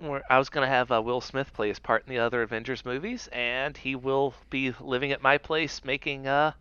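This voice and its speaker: A man's voice: medium pitch, fairly even intonation, brisk, bright, forceful tone, clear, resonant tone, dry recording, lo-fi sound. A man co-hosting a casual political chat podcast, sarcastic and swearing as he mocks what he quotes.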